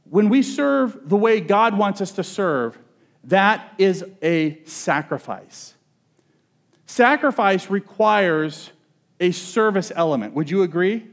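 A male pastor whose voice sits high gives a casual, conversational, funny sermon, often checking in with the audience through questions.

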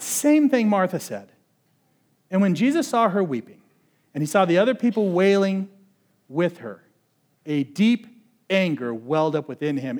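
Animated high-voiced male preacher. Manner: animated, swinging between loud emphasis and hushed intensity; conversational, uses "like" often. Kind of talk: expository sermon.

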